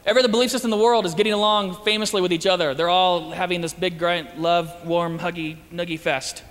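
A high-voiced man speaks quickly and with lots of animation, joking with his listeners and slipping into the voices of the people he quotes. His talk carries the long reverb of a large hall. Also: steady tone, fairly bright tone. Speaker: Christian speaker. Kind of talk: lively talk to an audience.

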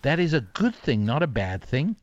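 An older man, an author being interviewed, telling a story reflectively with pauses and restarts. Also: mid-range voice, sing-song, highs cut off. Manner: reflective, many fillers and restarts. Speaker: author and guest.

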